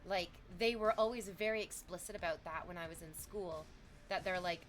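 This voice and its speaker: A young adult woman livestreaming, chatting casually with viewers, thanking subscribers and reading chat messages aloud in an animated way. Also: on the low side, moderate pace, faint music behind.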